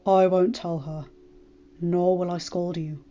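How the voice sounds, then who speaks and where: A woman voicing a stern, grave lord and father who speaks in a measured, firm way. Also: on the low side, little pitch movement, warm tone, highs cut off, soft background music.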